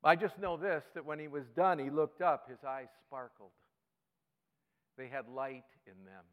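Male pastor, fairly high voice, sermon storytelling that swings loud and soft, reverberant hall. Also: unhurried. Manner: storytelling with sudden swings between loud and hushed.

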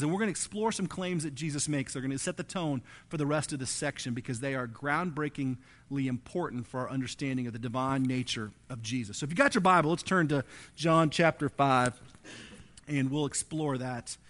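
A man's voice: medium pitch, fairly quick, fairly bright tone. A male pastor preaching a sermon in a church, telling the story in a conversational, emphatic way. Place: church before a congregation.

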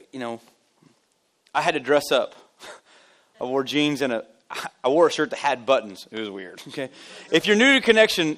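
A man, the lead pastor, giving a casual, joking sermon to his congregation, telling stories and poking fun at himself. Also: mid-range voice. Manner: animated, joking, self-deprecating storyteller. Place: church service.

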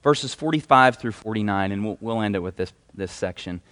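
A man's voice: lowish voice, lively intonation, brisk, a bit bright. A man preaching a sermon as a pastor in a casual, enthusiastic way, reading scripture aloud. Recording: hall reverb.

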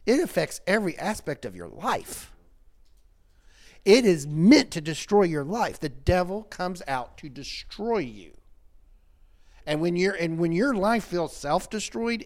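Lively, animated male counselor. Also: fairly high pitch, unhurried. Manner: animated, laughs often, repeats words when starting sentences. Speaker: counselor and host. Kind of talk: conversational talk show discussion.

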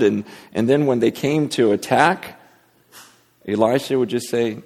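In a church sanctuary with the sound of a large hall, a pastor with an unhurried, slightly mellow mid-range voice preaches to his congregation. He's candid and self-deprecating, rambling with frequent restarts.

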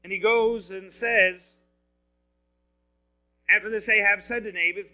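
A man's voice: high-pitched, unhurried, poor audio. A man preaching a sermon, retelling scripture in casual everyday words and asking the listeners questions. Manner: lively and expressive, asks the listeners questions.

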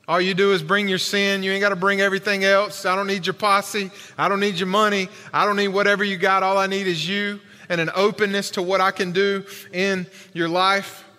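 A preacher voices God as a down-to-earth male figure talking plainly and colloquially. The tone is high and bright. It sounds through a long reverb. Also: level tone, fairly quick, few pauses. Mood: inviting. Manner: folksy, direct, colloquial.

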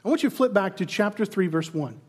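High-voiced man preaching with rhetorical questions. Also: animated, quick pace, a little mellow, slightly rough. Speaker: pastor. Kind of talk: sermon.

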